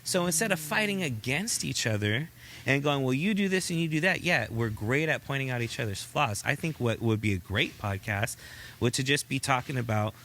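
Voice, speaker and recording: Bright-voiced man giving earnest advice. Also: medium pitch, expressive, normal speed, slight background noise. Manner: earnest, advice-giving, acts out dialogue with his wife. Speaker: podcast co-host. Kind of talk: casual podcast chat.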